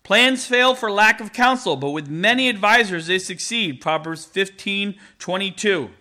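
Male pastor, middle-aged, bright ringing voice, slightly high, chatty sermon delivery, laughs easily. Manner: conversational, storytelling, laughs often.

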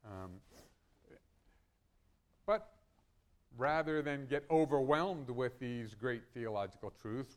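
A male pastor preaching a sermon in an earnest way. His loudness and pitch rise and fall widely for emphasis.

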